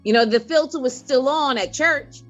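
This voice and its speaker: High-voiced woman giving her opinion. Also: normal speed, a bit bright, muffled recording, soft background music. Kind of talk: casual chat.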